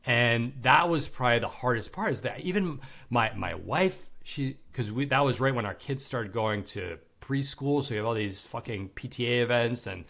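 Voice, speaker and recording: Man in his forties, podcast guest, gravelly tone, animated candid storytelling, casual swearing. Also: medium pitch, normal speed. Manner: animated, swears casually, acts out quoted people.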